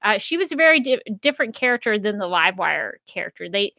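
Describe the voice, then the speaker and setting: A woman's voice: mid-range voice, very animated, quick pace, gravelly, sharp tone, dry recording. A woman co-hosting a casual podcast who laughs often and asks questions, on a close mic. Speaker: podcast co-host.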